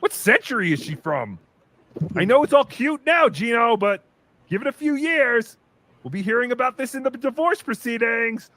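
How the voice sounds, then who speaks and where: A man's voice: extremely high pitch, animated, moderate pace, sharp tone, no echo. A man in a played clip, sarcastically mocking and teasing a couple. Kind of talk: mocking commentary.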